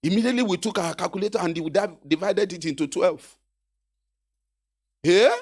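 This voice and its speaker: A man's voice: high-pitched, fast talker, a little mellow, slightly rough. A middle-aged man from Nigeria with a Yoruba accent, giving an encouraging speech with stories and asides to the audience. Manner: exhortative, anecdotal, with asides to the audience. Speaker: graduation speaker.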